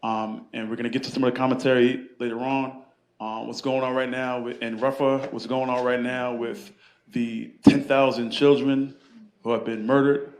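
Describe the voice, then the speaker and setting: A man opens a live panel in an echoey bookstore room, speaking at a medium pitch. His cadence is rousing and preacherly, and he leads the crowd in call-and-response chants before welcoming them. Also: level tone, normal speed, a little mellow. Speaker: panel moderator. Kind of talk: event moderation with call-and-response. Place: bookstore event space.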